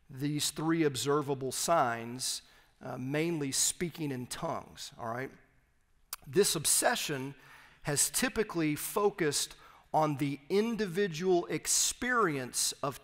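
Texan pastor preaching in a reverberant hall. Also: male voice, on the high side, fairly bright tone. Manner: emphatic teaching with asides and humor. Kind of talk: sermon. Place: church sanctuary.

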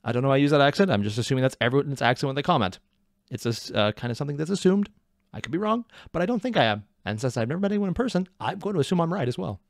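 Racing along in a fairly high, creaky voice, a man hosts a casual reaction video with clean studio audio and no echo. He jokes constantly, throws in sarcastic asides, and cracks himself up, all in an animated manner.

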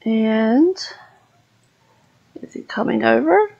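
A woman giving casual Let's Play commentary on a life-simulation game, chatting and voicing her character's reactions in quick asides. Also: on the high side, expressive, gravelly, darkish tone, lo-fi sound. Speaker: gaming YouTuber.

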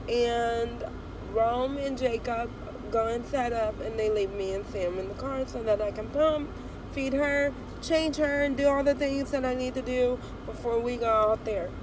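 Animated young mom telling a story. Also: female voice, a little high, background noise. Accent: African American English. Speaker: vlogger, mom. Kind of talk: casual storytelling vlog.

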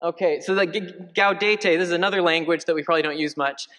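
A male parish priest giving a conversational homily, joking lightly and filling pauses with ums and uhs. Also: on the high side, steady tone, sharp tone. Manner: chatty, joking, many fillers. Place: large church. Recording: long church reverb.

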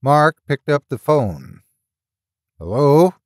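A man narrating a horror audiobook in a measured, storytelling way. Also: medium pitch, animated, no room sound, studio quality.

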